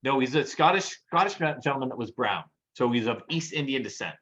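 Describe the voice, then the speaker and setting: A man co-hosting a podcast and telling lively anecdotes in casual chat. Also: mid-range voice, a little fast, lo-fi sound. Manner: animated anecdotal storyteller. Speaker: podcast co-host.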